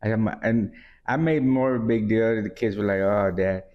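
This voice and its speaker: Low-voiced laid back guy on a podcast, says yeah a lot, kinda dull muffled sound. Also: moderate pace. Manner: easygoing listener, lots of "yeah", relaxed anecdote telling. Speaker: podcast co-host. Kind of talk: casual chat.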